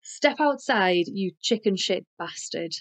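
A woman's voice: medium pitch, lively intonation, slow pace, no echo. A woman voicing a drunk, raging brawler. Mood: enraged yelling. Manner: yelling, cursing, spitting insults. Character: drunk furious woman spoiling for a fight. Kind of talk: audiobook reading.

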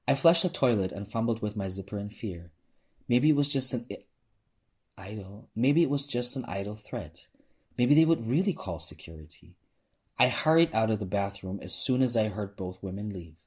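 A man reading a novel aloud in an unhurried, quiet way. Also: fairly low pitch, animated, husky. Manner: unhurried, quiet, restarts phrases. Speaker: narrator.

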